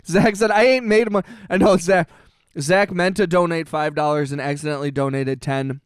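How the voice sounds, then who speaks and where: A man hosts a casual livestream, reading out chat and cracking sarcastic jokes. His voice is a touch high and very smooth. It is recorded close to the mic with a dry, roomless sound. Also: flat delivery, normal speed, no echo. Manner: joking, sarcastic, reads chat aloud. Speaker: livestream host. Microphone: close mic on stream.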